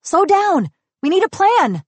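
An earnest young heroine, as a woman reader puts her on, bright with hope and quick to apologize. She climbs higher than the reader's own voice and talks in eager, breathless bursts. It is a storybook reading recorded dry, with no room sound. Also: animated, husky, no room sound. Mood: urgent.

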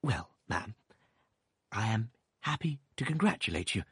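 A meek, mild-mannered doctor, as a man reads him, soft and placating, forever trying to calm people. The voice is a touch husky and sits close to the microphone with no room sound. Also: lowish voice, unhurried, no echo, pitched above the performer's own voice, full character voice. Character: mild meek male country doctor, timid and soothing. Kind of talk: audiobook character voice.

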